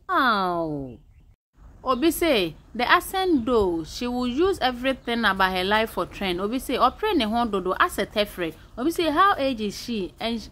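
A woman's voice: medium pitch, fairly bright tone. A woman with a Ghanaian accent hosting a commentary vlog, reading out comments with sassy asides and switching into Twi. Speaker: commentary host.

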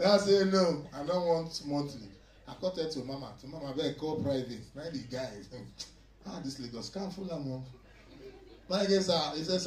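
Animated Nigerian comedian, echoey and distant. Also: male voice, a little high, normal speed. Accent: Nigerian Pidgin English. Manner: animated, acts out voices, laughs often. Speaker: stand-up comedian. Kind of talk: stand-up comedy storytelling.

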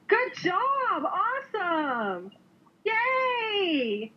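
A woman teaching English to a young learner over a video call, speaking slowly with exaggerated, sing-song cheer and playful sound effects. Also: extremely high pitch, sing-song, noisy background. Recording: muffled lo-fi online call audio.

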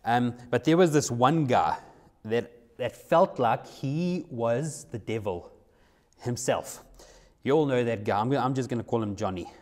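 Young guy preaching to a youth group, casual, repeats himself a lot, middle pitch voice. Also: unhurried. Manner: conversational, repeats himself, acts out his own quoted lines. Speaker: youth pastor. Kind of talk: sermon with personal story.

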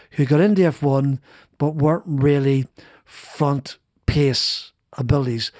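Rambling middle-aged former racing driver, dry studio. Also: male voice, mid-range voice, a little mellow, no echo. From Northern Ireland. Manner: rambling, frequent restarts and repeated words. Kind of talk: casual interview storytelling. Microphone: studio podcast mic.

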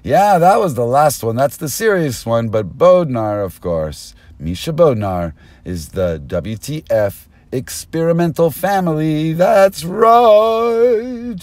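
A man's voice: mid-range voice, very animated, measured pace, hardly any pauses, darkish tone, dry recording. A man delivering an erratic, conspiratorial stream-of-consciousness monologue, recorded on a binaural mic. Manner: erratic, conspiratorial, jumps between topics. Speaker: self-styled press speaker.

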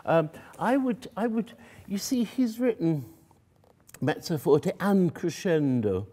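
A piano teacher with a high, warm voice speaks slowly but animatedly while coaching a student at a workshop masterclass. He coaxes and sings phrases to demonstrate them, as a piano plays behind him in the music room or hall.

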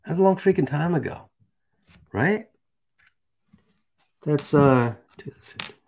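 A man's voice: a little high, lively intonation, unhurried, creaky, a little mellow. A man hosting a live stream, reading a text aloud and chatting casually with viewers. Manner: casual, chatty, asides to the chat.

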